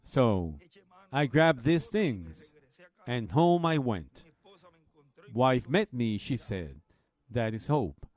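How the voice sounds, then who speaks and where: A man preaching a Bible study, slowly retelling a story and quoting others in a plain, folksy way. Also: mid-range voice, very animated, a little mellow.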